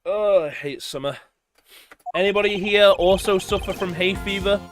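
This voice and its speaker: A man's voice: sits high, normal speed, dry recording, soft background music. A man streaming a game, rambling casually and swearing. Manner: rambling, swearing, self-deprecating. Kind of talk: casual commentary while playing.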